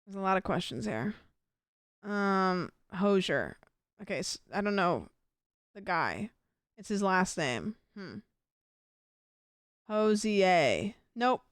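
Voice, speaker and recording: This is a woman's medium-pitched voice, recorded at studio quality with no room sound. She's live-streaming a game, chatting in a rambling, curious way full of fillers and questions.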